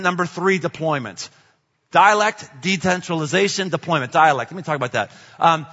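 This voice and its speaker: A man preaching a sermon as pastor, energetic and joking, with strong emphasis. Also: high-pitched. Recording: dull reverberant hall sound.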